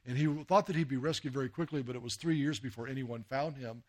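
A man's voice: medium pitch, fast. A man from the United States, a missionary preacher, telling a folksy story in a sermon and acting out the dialogue.

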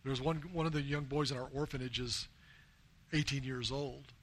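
A man's voice: mid-range voice, fairly even intonation, normal speed, a bit bright. A man from the United States preaching a sermon as a missionary, telling earnest stories and quoting people in his own plain voice.

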